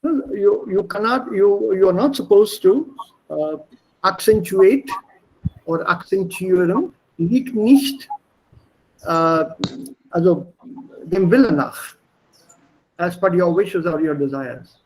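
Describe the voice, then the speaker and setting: This middle-aged language teacher has an Indian accent and a high-pitched, darkish voice that moves at a slow pace. He teaches an online class over a video call, explaining at length, repeating himself, and spelling words aloud, and the recording quality is low.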